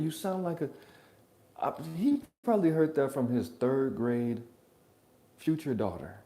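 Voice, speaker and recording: A man's voice: mid-range voice, animated, moderate pace, dark tone, a little hiss or hum. A man hosting a reaction channel, rambling through blunt, profane, joking advice in a casual monologue from his apartment.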